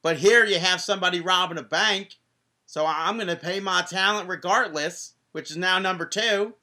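Man doing a high-pitched, drawling 1940s newsman, folksy and rambling. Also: moderate pace, pushed and bright. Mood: mock newsreader. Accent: American Southern drawl, put on. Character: drawling male 1940s newsman, loud and boastful.

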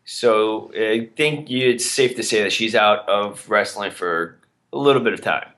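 A man's voice: fairly low pitch, measured pace, fairly bright tone. A man co-hosting a podcast in casual chat, rambling and hesitant, with many fillers. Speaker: podcast co-host.

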